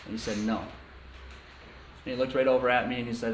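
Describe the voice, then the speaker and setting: A man's voice: mid-range voice, fairly even intonation, a little fast, pauses often. A young man giving a candid personal testimony at a recovery meeting, telling his story with lots of ums and likes. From upstate New York. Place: meeting room. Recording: echoey room with faint hiss.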